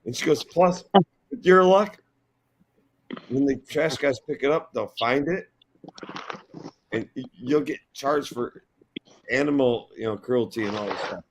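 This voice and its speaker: A man's voice: mid-range voice, normal speed, slight background noise, low-quality recording. A middle-aged man hosting a casual live stream, telling rambling stories in a blunt, profane way. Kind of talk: casual chat.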